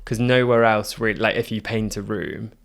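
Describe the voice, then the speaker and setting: Low gravelly man chatting. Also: moderate pace, a bit bright. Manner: chatty, filler-heavy with frequent "like". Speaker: podcast co-host. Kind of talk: casual chat.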